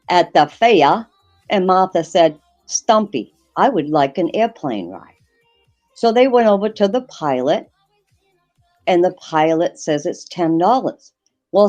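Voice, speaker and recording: A woman's voice: fairly low pitch, a little mellow, highs cut off. A woman from Maine with a Maine accent, casually chatting on a livestream panel, joking and teasing as she tells a story. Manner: laughing, teasing, plays up her accent.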